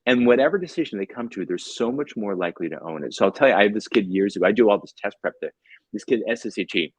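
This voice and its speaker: A man in his fifties, a tutor and author, telling a story as a podcast guest in a lively way, acting out bits of dialogue and often repeating words. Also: fairly low pitch, fast talker, husky, dry recording, poor audio.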